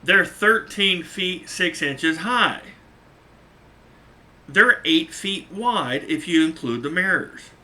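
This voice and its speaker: Slow, sharp-voiced man spinning a road yarn. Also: sits high, expressive. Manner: chuckling, drawn-out, repeats points for emphasis. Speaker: truck driver telling a road story. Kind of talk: casual storytelling.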